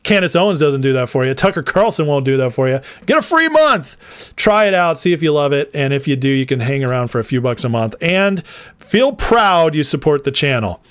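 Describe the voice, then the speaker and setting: A man's voice: mid-range voice, lively intonation, a little fast, clean tone, dry recording. A man hosting a casual political commentary livestream, chatty and rambling, laughing often as he talks to his viewers.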